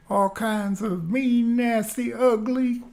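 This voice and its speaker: Easygoing chatty man, slow talker. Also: extremely high pitch, fairly even intonation, vocal fry, darkish tone. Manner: chatty, laughs often, easygoing. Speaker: musician hosting a livestream. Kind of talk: casual livestream chat with viewers. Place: at home in an easy chair.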